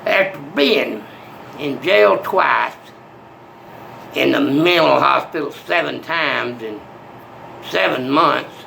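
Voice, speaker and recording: An older man in a rambling monologue that swings from soft to menacing. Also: medium pitch, lively intonation, takes it slowly, creaky, pauses often, slight background noise, low-quality recording.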